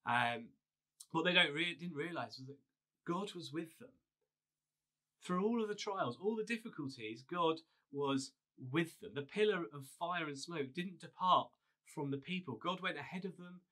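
Bright-voiced male pastor telling a story. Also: a little high, normal speed. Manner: storytelling, conversational with fillers. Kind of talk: video sermon.

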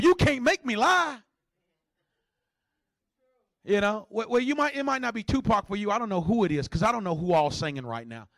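A man preaches a spirited sermon as pastor, joking with his congregation and shifting from shouts to hushed asides. His voice sits high with some vocal fry, his pace is moderate with long pauses, and there's no echo.

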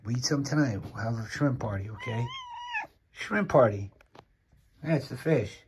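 A man's voice: medium pitch, sing-song, moderate pace, background noise. A man filming at his mountain home, chatting and teasing his cat in a casual way. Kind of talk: casual talk to a pet. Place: rural mountain home by a fire. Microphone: handheld camera.

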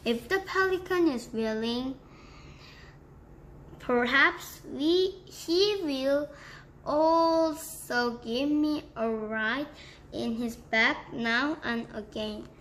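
A generous, lordly old Duke from a storybook, voiced by a woman reader. His formal speech comes slowly, with halting restarts. The voice sits rather high. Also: fairly bright tone, a little hiss or hum, heavily acted. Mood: grand. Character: grand elderly male Duke, lordly and generous. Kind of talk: storybook reading.

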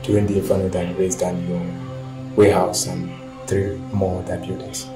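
A man's voice: deep voice, completely flat delivery, moderate pace, natural voice. An actor playing a man who delivers grave news in stiff, formal wording. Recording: echoey room with film music.

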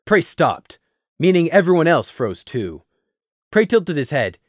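Lively male storybook narrator. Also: a little high, measured pace, no echo, clean studio sound. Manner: lively, expressive reading. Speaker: audiobook narrator.

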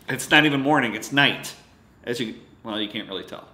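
A man chatting casually on his vlog, halting with lots of fillers, losing his voice a little. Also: medium pitch, a bit bright, reverberant, slight background noise. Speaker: autograph collecting vlogger. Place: indoors at home at night.

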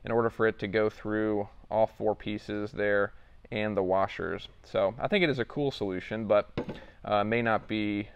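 A young man hosting a casual product walkthrough, relaxed and rambling with lots of fillers. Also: on the low side, moderate pace, creaky, clear, resonant tone, dull audio. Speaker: product demo host.

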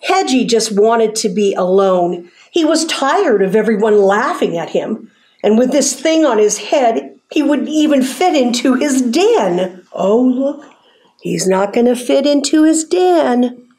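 A woman from a zoo staff reading a children's storybook aloud in a gentle, sing-song way, with hushed asides. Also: fairly high pitch, big pitch swings, unhurried.

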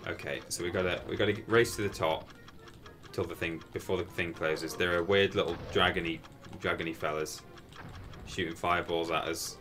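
Over soft background music, a man streams a video game in a deep, steady, fairly bright voice at a moderate pace. He rambles through casual commentary, amused by his own stories.

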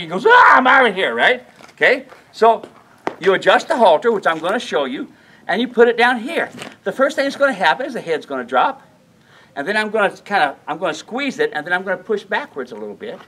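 A man's voice: high voice, sharp tone, slight background noise, rough recording. A man demonstrating mule halter training outdoors at a ranch, folksy and emphatic, who keeps asking his listeners questions.

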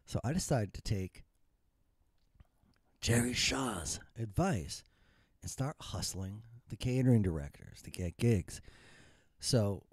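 A man's voice: on the low side, lively intonation, slow, long pauses, darkish tone, slightly rough, dry recording, clean studio sound. A man in his fifties, a retired musician telling his life story in a humorous, rambling and self-mocking monologue.

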